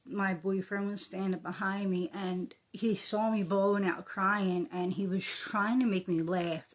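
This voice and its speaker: A middle-aged woman tells a personal story in a casual, conversational way, repeating words for emphasis. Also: on the low side.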